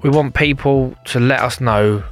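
A man's voice: mid-range voice, unhurried. A man co-hosting a boxing podcast, playful and jokey and laughing often. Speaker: podcast co-host, former boxer. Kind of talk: casual podcast chat.

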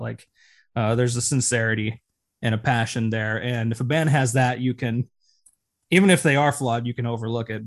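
A man's voice: medium pitch, creaky. Male podcast co-host, mid-range voice, casual and enthusiastic, rambling delivery. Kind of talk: casual chat.

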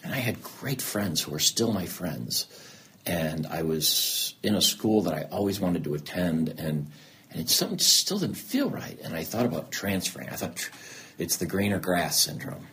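A man's voice: low voice, sing-song, normal speed, a bit bright, a little hiss or hum. A man in his thirties or forties, a guest telling a candid, earnest story about his own life, self-deprecating and acting out the dialogue he recalls. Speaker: interview guest. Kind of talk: candid personal story in an interview.

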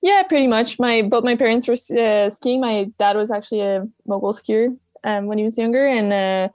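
A woman's voice: fairly high pitch, normal speed, no echo, clean studio sound. Young woman chatting casually. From Quebec, Canada. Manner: relaxed and friendly, with filler words. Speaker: guest athlete. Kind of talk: casual interview chat.

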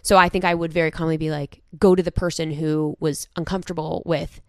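A young woman co-hosting a podcast in casual chat, animated and argumentative, often acting out what people would say. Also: sits low, brisk, no room sound, clean studio sound. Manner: animated, argumentative, acts out quoted voices. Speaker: podcast co-host.

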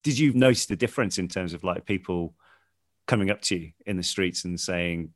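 A man in an interview asks long, loose questions that trail around the point. His voice sits a little low. His delivery is relaxed and conversational. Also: fairly quick, no room sound, clean studio sound. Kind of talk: casual interview chat.

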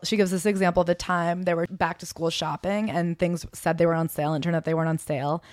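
A woman co-hosting a podcast, chatting casually about a memoir and reading passages from it aloud in a soft, subdued tone. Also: fairly low pitch, little pitch movement, quick pace, no echo, studio quality. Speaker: podcast co-host.

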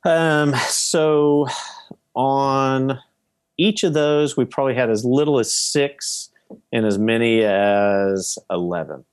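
A man's voice: medium pitch, slow pace, smooth, dry recording, studio quality. A man on a podcast explaining his real estate investing in a casual, example-filled way.

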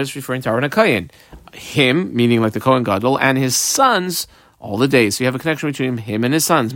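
A man teaching a Talmud lesson, drawing out Aramaic phrases in a sing-song and then explaining them quickly in casual English. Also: medium pitch, fairly bright tone, no room sound, clean studio sound. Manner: conversational explaining with fillers. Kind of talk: line-by-line Talmud study lesson.

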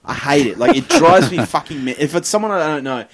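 Man, casual co-host, sweary storyteller with a lively, slightly high voice. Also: brisk. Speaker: podcast co-host. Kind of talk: casual banter.

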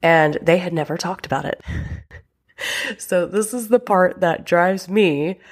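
A woman with a low, deep voice hosts her own podcast as a relationship coach. She talks straight to her listeners in a frank, chatty way and lets a casual swear word slip in now and then. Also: unhurried. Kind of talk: casual solo podcast talk.

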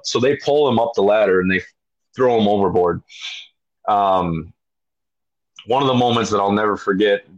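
A man, a podcast guest, telling a story with heavy swearing and loud acted-out shouts. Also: lowish voice, highs cut off. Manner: profane, emphatic, acts out his own shouts. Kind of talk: animated storytelling.

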